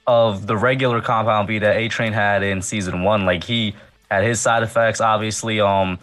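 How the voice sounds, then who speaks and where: A man in a casual podcast chat, relaxed and rambling, using "like" a lot. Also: on the low side, normal speed. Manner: relaxed, uses "like" a lot, says "bro". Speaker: podcast panelist.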